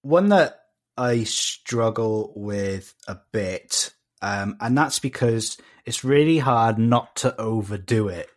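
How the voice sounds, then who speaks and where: A man's voice: lowish voice, animated, slow. A man with a South Welsh accent, a guest on a casual podcast, talking with many fillers and restarts. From Wales.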